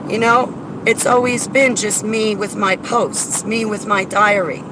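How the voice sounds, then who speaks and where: Woman ranting bluntly by her car, argumentative, loud street traffic behind. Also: medium pitch, steady tone, measured pace. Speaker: vlogger. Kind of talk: casual venting vlog. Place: in and around a car outdoors. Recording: outdoor traffic noise.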